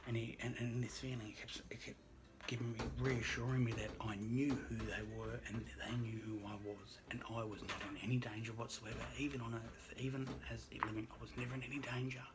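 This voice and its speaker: A man who works as a registered nurse, telling a personal story in an earnest, halting way that often drops to a hushed near-whisper. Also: mid-range voice, level tone, heavy background noise. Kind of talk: personal story told to camera.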